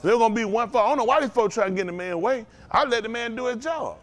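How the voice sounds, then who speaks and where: A man's voice: very high-pitched, animated, fast, fairly bright tone. A man preaching a loose, conversational sermon, chuckling often and asking the congregation to agree. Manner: chuckling, asks the congregation "ain't that right?".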